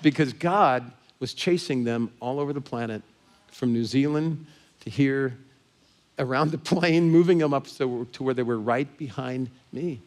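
A man with an American accent, a pastor telling a personal story from the pulpit in an animated way. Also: medium pitch, a little slow. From Southern California. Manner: animated, grows excited and laughing as story builds. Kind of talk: sermon storytelling.

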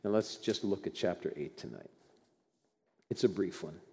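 A man's voice: low voice, big pitch swings, moderate pace, creaky, dark tone. An older man preaching a sermon in a conversational, folksy way with bursts of emphasis. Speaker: pastor. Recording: long hall reverb.

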